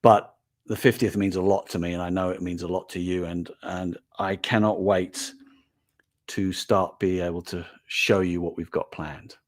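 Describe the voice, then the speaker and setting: A man's voice: low-pitched, level tone, moderate pace. Chatty older man on a live stream. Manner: chatty and earnest, with many fillers and restarts. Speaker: toy brand manager hosting a live stream. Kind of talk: casual live stream chat.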